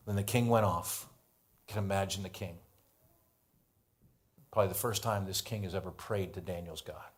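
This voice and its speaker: An American man preaching a sermon as pastor, telling a Bible story with animated voices for the characters. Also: low voice, normal speed, long pauses. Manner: animated storytelling, acts out biblical dialogue.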